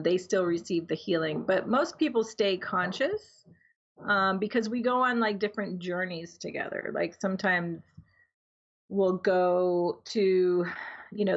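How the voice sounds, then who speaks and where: A female energy healer appears as a guest in a casual interview, laughing easily and filling her speech with ums and you-knows. Her voice sits fairly low, and the audio is dull.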